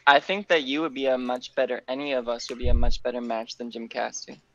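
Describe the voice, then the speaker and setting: Calm co-host, muffled call audio. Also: medium pitch, fast, a little hiss or hum. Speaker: podcast co-host. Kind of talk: casual chat on a video call.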